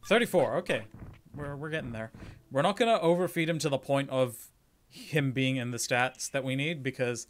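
A man chatting on a game stream in an easy, joking way. He muses aloud over game stats and choices as he plays. His voice sits at an ordinary middle pitch. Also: moderate pace. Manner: relaxed, jokey, thinks aloud about game stats. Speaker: streamer playing a video game. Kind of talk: casual game-stream chat.

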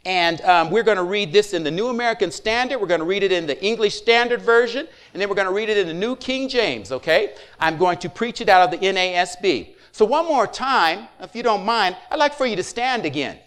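High-voiced man preaching a sermon. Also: expressive, a little fast, hardly any pauses, a bit bright. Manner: conversational preaching with call-and-response asides. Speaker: pastor.

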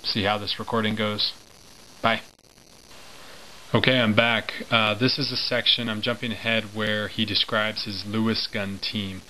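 Man reading a memoir aloud, casual, halting, bright forceful tone, slightly low pitch. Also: level tone, a little hiss or hum, low-quality recording. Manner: informal, halting, with fillers and self-corrections. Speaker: reader of a memoir. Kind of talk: casual recorded reading with asides.

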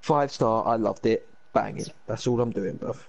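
A young man, ranting in animated slang during a casual chat while gaming. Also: on the low side, moderate pace, creaky, crowd noise.

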